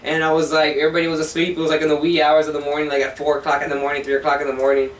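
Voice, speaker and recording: A co-host in his twenties races through rambling, profane stories while chatting casually with a friend, retelling them animatedly in a fairly high voice. He's recorded from far off in an echoey room with faint hiss.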